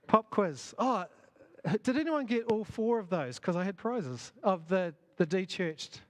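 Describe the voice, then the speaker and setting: A man's voice: high-pitched, animated, a little slow, fairly bright tone. A man giving a conversational talk to a church gathering as a church leader, asking the audience questions and poking fun at himself. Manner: conversational, self-deprecating, asks the audience questions. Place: church hall.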